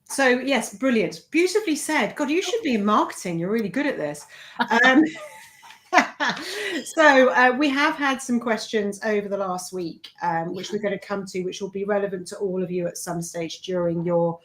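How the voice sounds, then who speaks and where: A woman's voice: mid-range voice, normal speed, a bit bright. A woman, an executive coach hosting a live online show, chatting casually with fillers and self-deprecating asides. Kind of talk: casual live-stream chat.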